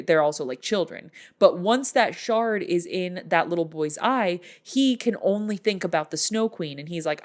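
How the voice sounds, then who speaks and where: Woman recapping a film, casual, animated storytelling, acts out characters, lowish voice.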